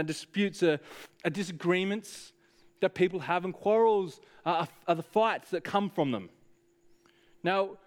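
Earnest high-voiced male preacher. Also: clean tone. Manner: earnest, direct address with frequent uh fillers. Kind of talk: sermon.

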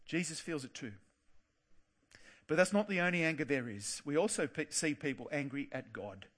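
Man, preacher, sermon, earnest, slow for emphasis, higher pitched voice. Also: lively intonation, fairly bright tone.

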